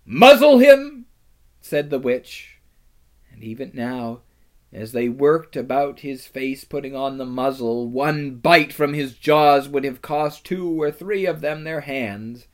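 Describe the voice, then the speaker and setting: A man reading a storybook aloud in a measured, dramatic way. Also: medium pitch. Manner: slow, measured, dramatic delivery. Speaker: narrator.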